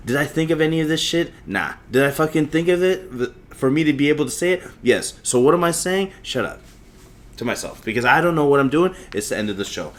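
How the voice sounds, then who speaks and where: A man's voice: fairly high pitch, expressive, a little fast. A man in his thirties hosting a solo podcast, rambling freely with lots of swearing and self-mocking asides. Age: 30s. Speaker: podcast host.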